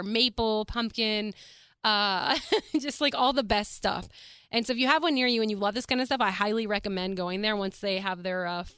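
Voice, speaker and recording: With a smooth, pushed, bright voice at medium pitch, a young Texan woman chats solo on her podcast, animated and casual, cursing freely and leaning heavily on "like." The studio-quality recording has no echo.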